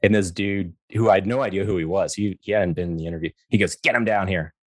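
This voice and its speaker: A middle-aged man telling a story in a casual, animated way, acting out the dialogue and laughing often. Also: low voice, quick pace, dry recording, studio quality. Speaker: guest.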